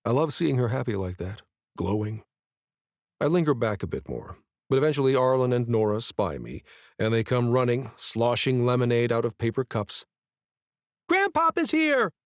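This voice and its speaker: A man's voice: medium pitch, lively intonation, moderate pace, darkish tone, no echo. Male audiobook narrator, first-person romance, mid voice, dry studio read.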